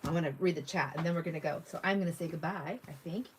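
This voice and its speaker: Talking at a racing pace in a lowish voice, a middle-aged woman runs a relaxed craft livestream, laughing frequently and reading out viewer comments while working. There's a little hiss or hum in the audio.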